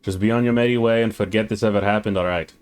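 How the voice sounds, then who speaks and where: A man's voice: fairly low pitch, fairly even intonation, quick pace, a little mellow, smooth, lightly acted. Man putting on a gloomy Scottish-sounding crab drifter. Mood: pleading. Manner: mock Scottish sailor accent, melodramatic. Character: gloomy self-pitying male crab drifter.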